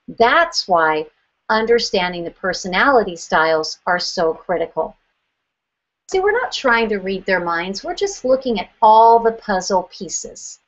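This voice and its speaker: A woman sales trainer giving a presentation in a direct, emphatic way. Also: medium pitch. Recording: slightly muffled.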